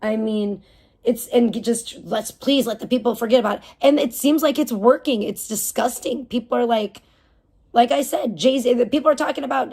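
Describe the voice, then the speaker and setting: Livestreaming and reading her chat, a woman rants casually with heavy swearing, sounding indignant as she rambles along with fillers and restarts. Her voice sits on the high side, a little mellow, at a moderate pace.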